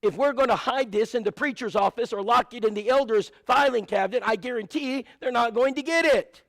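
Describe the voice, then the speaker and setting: A man's voice: extremely high pitch, fairly quick, fairly bright tone, dry recording. A man preaching a sermon, telling stories and rattling off lists of supplies with asides to the congregation. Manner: storytelling with many lists and asides.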